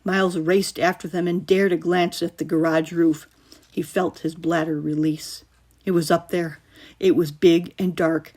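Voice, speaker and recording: Woman author narrating her horror short story; lowish, suspenseful, measured. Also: flat delivery, darkish tone.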